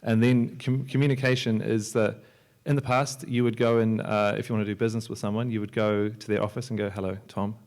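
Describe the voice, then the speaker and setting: Low-voiced man giving a joking panel talk. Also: little pitch movement, brisk, hardly any pauses, darkish tone. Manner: joking, loose, with many restarts and fillers. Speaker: panel speaker, software entrepreneur and filmmaker. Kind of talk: conference talk. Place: lecture hall at a library.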